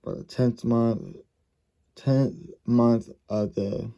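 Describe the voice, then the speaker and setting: A man's voice: medium pitch, fairly even intonation, extremely slow, mellow. A man casually reviewing a model race car, thinking aloud and correcting himself as he goes.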